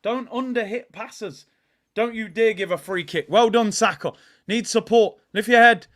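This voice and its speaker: A young man commentating live on a football match as a fan, excitable, using slang and shouting at the players. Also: high voice, normal speed. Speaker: fan watchalong host.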